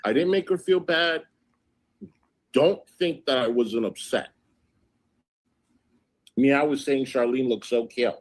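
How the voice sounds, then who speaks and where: A man's voice: mid-range voice, slow pace, pauses often. Indignant man recounting text messages. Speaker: livestream host. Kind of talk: casual livestream recounting.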